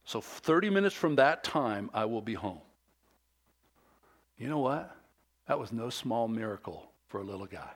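A middle-aged male pastor delivering a sermon, shifting between animated, raised preaching and a quiet, intimate storytelling voice. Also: mid-range voice, moderate pace, pauses often, slightly rough.

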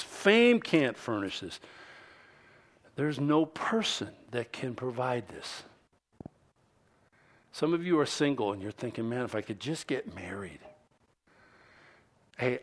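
A man preaching a sermon as pastor, stressing key phrases loudly and then dropping low and quiet, repeating lines for effect. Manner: slow, deliberate delivery with repeated phrases.

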